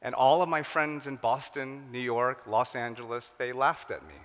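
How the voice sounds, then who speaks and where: A middle-aged man from the United States gives a keynote talk, telling his story with animated quoted voices and Korean phrases mixed in. His tone is bright and forceful, and a long reverb from the big hall trails each line. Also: mid-range voice, normal speed. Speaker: keynote speaker. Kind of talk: forum talk. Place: large hall.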